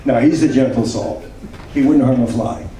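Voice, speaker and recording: A man's voice: mid-range voice, normal speed, noisy background. A man in his seventies doing a self-mocking, rambling stand-up set. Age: 70s. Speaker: stand-up comedian. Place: comedy club stage. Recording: echoey club, distant mic, audience. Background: crowd laughter.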